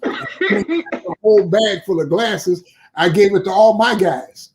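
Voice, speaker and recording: A man's voice: high-pitched, takes it slowly, slight background noise. An older man, a bishop and pastor, telling a story in an interview and acting out the dialogue of the people in it. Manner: animated storyteller who acts out quoted dialogue.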